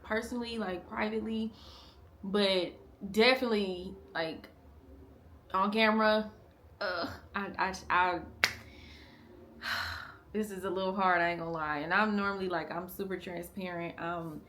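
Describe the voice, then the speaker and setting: A young woman talking candidly to her vlog camera. She speaks in a halting way, with many "like" fillers and restarts, at times hushed and strained. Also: mid-range voice, steady tone, slight background noise. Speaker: family vlogger. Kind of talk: candid confessional vlog talk.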